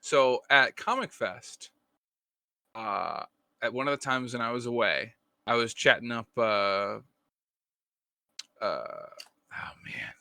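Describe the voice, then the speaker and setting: A bright-voiced man chats casually on a comics podcast, storytelling with animated energy and jumping up in pitch for quotes. The sound is dry and close. He talks loosely, with fillers and restarts. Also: takes it slowly, gravelly, pauses often, dry recording. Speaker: podcast co-host, comic writer. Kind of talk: casual chat.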